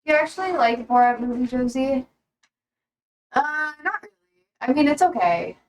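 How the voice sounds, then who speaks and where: Young woman streamer, high voice, unhurried, a little off-mic; casual and chatty. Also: animated, distant mic, rough recording. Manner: chatty, laughs often, coos at her dog. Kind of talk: casual live-stream chat. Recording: voice from away from the mic.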